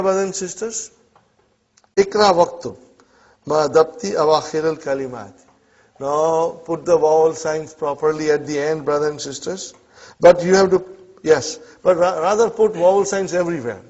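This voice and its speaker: The recording is a dull, lo-fi capture of an Arabic class, where a male teacher with a slightly high, darkish voice runs the lesson. He tests the students with quick "huh?" prompts and walks through each example.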